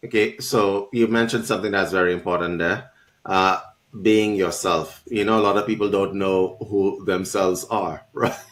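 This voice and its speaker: A man's voice: deep voice, moderate pace. Guy hosting a chatty podcast, easygoing, laughs a bit, echoey room. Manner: relaxed, laughs between questions. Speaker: podcast host. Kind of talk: casual interview chat. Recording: roomy echo.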